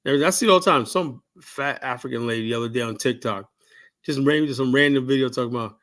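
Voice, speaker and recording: An American man hosts a call-in show and delivers a heated, rambling rant. His voice sits at an ordinary pitch for a man. He keeps circling back with "you know?" and "right?" as he builds his point. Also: fast talker, fairly bright tone. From United States. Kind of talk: ranting livestream commentary.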